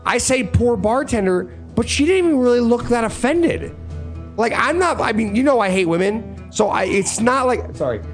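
A man's voice: extremely high pitch, animated, normal speed, faint music behind. A young man telling a rambling, loose story in casual chat, with a lot of "like" and some swearing.

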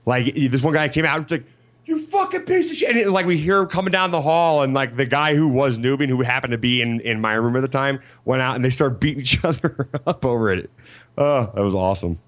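Fast-talking man telling rambling stories. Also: medium pitch, fairly bright tone. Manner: rapid, rambling storyteller. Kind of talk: casual chat.

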